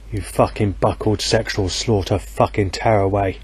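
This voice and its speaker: Speaking a bit fast in a lowish, steady voice that's slightly mellow with a breathy edge, a man goes on a profane, rambling tirade. He's outside at night, shouting his anger into a handheld digital recorder.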